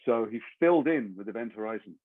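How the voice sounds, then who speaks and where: A man from England, an actor guest telling stories in a casual, lively way and slipping into the voices of the people in them. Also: on the low side, fast, no room sound. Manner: lively raconteur who acts out the other people in his stories. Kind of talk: casual anecdote storytelling. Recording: dry, phone-like narrow audio.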